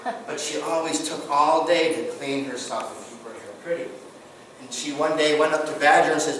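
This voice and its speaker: A man presents to a live audience, telling stories and asking the listeners questions in a folksy manner. He is far from the mic in a very echoey room, and steady noise runs behind his voice. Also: a little high, normal speed. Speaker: guest presenter on tribal culture. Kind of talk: storytelling talk to a group.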